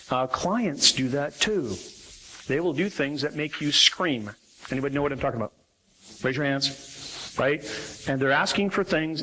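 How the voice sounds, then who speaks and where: A middle-aged man giving a live motivational talk on sales to an audience, animated and full of questions to the room. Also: fairly high pitch, rough recording.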